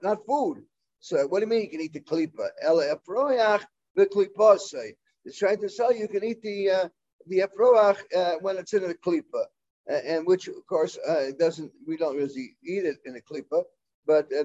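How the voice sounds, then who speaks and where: High-voiced man teaching a Talmud class. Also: darkish tone, lo-fi sound. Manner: halting, full of fillers and restarts, mixing Hebrew and Aramaic terms.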